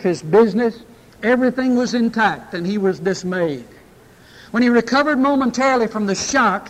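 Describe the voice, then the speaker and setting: A man preaching a sermon, reading scripture and then telling an illustration story with dramatic pauses. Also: high-pitched. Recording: long hall reverb.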